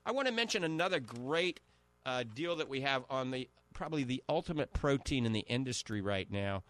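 A man's voice: medium pitch, lively intonation, a little fast, fairly bright tone. Salesy male radio host. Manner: salesy, repeats prices and product names. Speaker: radio health show host. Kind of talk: radio show promoting products.

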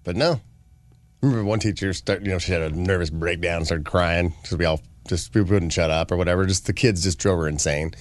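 A man's voice: low voice, a little fast, dry recording. A man co-hosting a casual chat show, telling stories with dry asides. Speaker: co-host.

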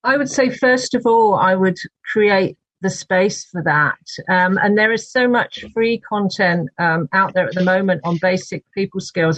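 A woman, an author, answering interview questions in a measured, thoughtful way. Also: medium pitch, dry recording, muffled recording. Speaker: author guest.

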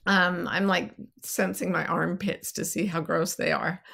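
A woman's voice: fairly low pitch, flat delivery, unhurried, gravelly, a bit bright. A woman co-hosting a podcast, rambling playfully and poking fun at herself in casual chat. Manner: rambling, playful, self-mocking. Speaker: podcast co-host.

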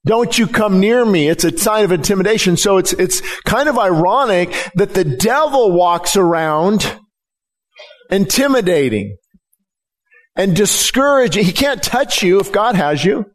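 A man's voice: high-pitched, sing-song, a little slow. A middle-aged man preaching a sermon as pastor, emphatic and often repeating words as he presses his point.

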